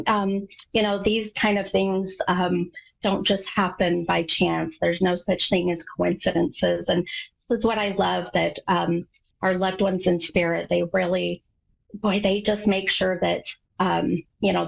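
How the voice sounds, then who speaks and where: Gravelly, effusive American woman psychic host. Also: on the low side, level tone, unhurried, low-quality recording. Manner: effusive, gushing, many fillers and restarts. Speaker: radio psychic medium host. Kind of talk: live call-in reading.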